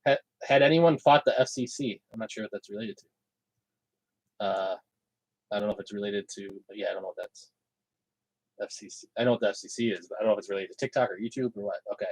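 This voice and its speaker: A man's voice: fairly low pitch, fast talker, long pauses, a little mellow, no room sound, low-quality recording. A man co-hosting a casual livestream, reading out viewer questions hesitantly with many fillers.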